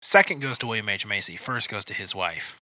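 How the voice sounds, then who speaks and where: A man hosting a casual movie review chat, talking in quick asides with lots of fillers. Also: lowish voice, lively intonation, pushed and bright, no room sound. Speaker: podcast host.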